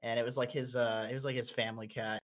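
A North American man in his twenties talks fast as a podcast co-host, chatting casually. He tells stories animatedly, swearing a lot and breaking into sudden high-pitched outbursts.

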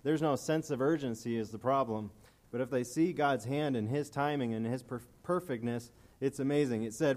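A man's voice: mid-range voice, normal speed, few pauses, darkish tone. A man preaching a casual, earnest and emotional sermon, reading scripture aloud and commenting between passages.

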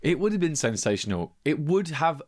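A man's voice: fairly high pitch, very animated, brisk, a crowd in the background. A man co-hosting a film review chat, retelling scenes with enthusiasm. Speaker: podcast co-host.

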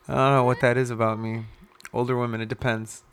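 A man's voice: mid-range voice, little pitch movement, fast, fairly bright tone, clear, resonant tone. A young man co-hosting a podcast in casual, jokey chat, laughing often. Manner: laid-back, jokey, laughs a lot. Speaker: podcast co-host.

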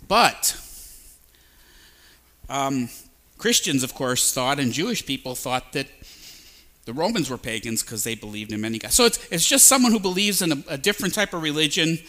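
A male pastor giving a lively sermon, sometimes imitating babbling sounds to make a point. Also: a little high. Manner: animated, mimics babbling sounds. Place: church sanctuary.

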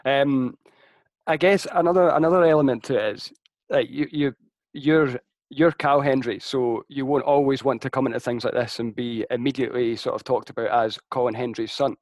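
Relaxed male interviewer, dry close sound. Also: medium pitch, moderate pace, no echo. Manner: conversational, relaxed, frequent fillers. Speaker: interviewer, host. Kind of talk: casual sports interview.

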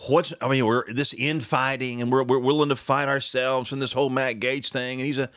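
A man's voice: mid-range voice, a little fast, few pauses, clean tone, no room sound. Sarcastic talk show host man, dry sound. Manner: sarcastic, animated, mocking. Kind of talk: political talk show monologue.

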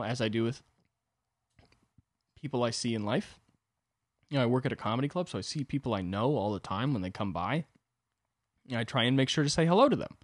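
A young man talks alone into a close mic with a dry, deadened sound, and his pitch leaps up and down as he acts out the people in his stories. He rambles in a self-deprecating, comedic way, like a casual solo podcast. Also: no echo. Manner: self-deprecating, animated, acts out quoted voices. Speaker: podcast host.

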